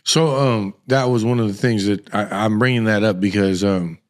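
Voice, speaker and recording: A podcast host with a lowish voice talks at a moderate pace in casual conversation. He tells stories in an animated, rambling way, restarting his sentences again and again.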